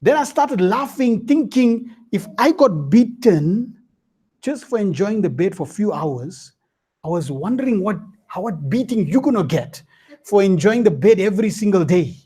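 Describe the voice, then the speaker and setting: A man voicing a humble female maidservant in a told story, hushed and sleepy on the bed, then pleading. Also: very animated, moderate pace, breathy edge, heavily acted. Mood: explaining. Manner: hushed, drowsy delight when trying the bed; higher, pleading when beaten.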